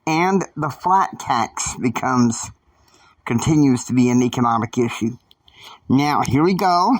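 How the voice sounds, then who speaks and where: A man narrating an improvised family saga in a halting, rambling way, full of fillers, recorded dry from a distant mic. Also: medium pitch, animated, dry recording. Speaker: storyteller.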